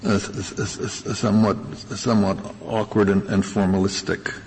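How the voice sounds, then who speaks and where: A man, a judge, questioning a lawyer in court, with halting, stammering phrasing. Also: fairly low pitch, flat delivery, a little mellow. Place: large courtroom. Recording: archival courtroom audio with long reverb.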